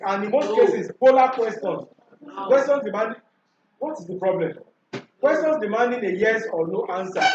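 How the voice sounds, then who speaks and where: A man's voice: high-pitched, animated, normal speed, a little mellow, slight background noise. A man teaching a classroom revision lesson, quizzing his students and repeating his questions. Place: school classroom. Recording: echoey classroom from far off, dull and lo-fi.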